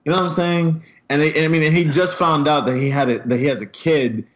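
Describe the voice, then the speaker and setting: A man with a somewhat high voice rants excitedly through a casual movie review. He piles on filler words as he talks. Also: fast. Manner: excitable, ranting, many "I mean" fillers.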